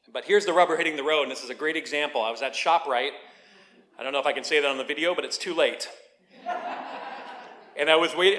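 A man preaching a sermon, telling a lively story with playful asides and then teaching in a quieter, earnest way. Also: medium pitch. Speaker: pastor.

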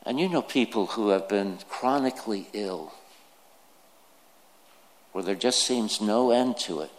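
A man preaching a sermon, slow and deliberate, putting questions to his listeners. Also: fairly low pitch, animated. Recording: long hall reverb.

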